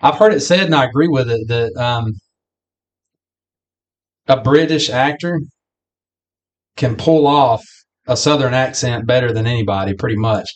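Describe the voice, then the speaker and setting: A podcast co-host with a medium-pitched voice talks casually about a film at a normal speed, leaving long pauses. He is chatty and acts out some of the movie's lines.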